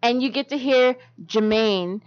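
A woman's voice: on the high side, unhurried. A woman chatting eagerly with friends, gushing about what she loves. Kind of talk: casual chat among friends. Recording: muffled lo-fi recording.

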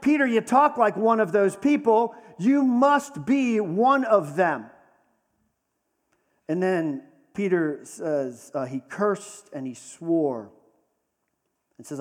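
A man preaching a sermon in a conversational storytelling manner, slowing down for dramatic pauses. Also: sits high, long reverb tail. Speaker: pastor.

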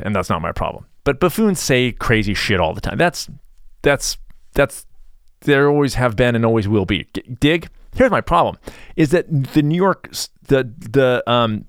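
A man's voice: mid-range voice, dry recording, clean studio sound. A middle-aged man hosting a podcast in a rambling, sarcastic, self-interrupting monologue. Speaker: podcast host.

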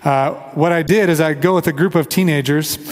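A man's voice: a little high, steady tone, fairly quick, big-room sound. A man from the Kansas City area, preaching a conversational sermon and leading prayer as pastor. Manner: earnest, conversational, acts out quoted voices. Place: church sanctuary.

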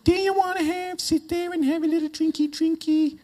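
A man putting on a high-pitched, sing-song baby-talk voice of a parent fussing over a child. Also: fairly even intonation, normal speed, warm tone. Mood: cooing. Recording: echoey hall.

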